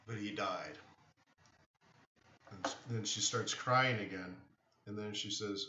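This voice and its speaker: A man chats loosely with his viewers and often restarts his sentences. His voice sits a little low but comes across bright and forceful. The sound is dull and distant, as if the mic is across an echoing room. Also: slow pace, long pauses, a little hiss or hum. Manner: rambling, answers chat questions, many restarts. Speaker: live trading stream host. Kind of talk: casual live-stream chat.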